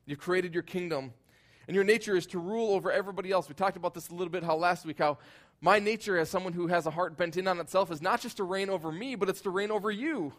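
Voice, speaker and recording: A man preaching a sermon with a slightly higher-than-average voice. He is earnest and emphatic, swelling loud at his peaks and dropping soft and low to press a point. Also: fast talker. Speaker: pastor.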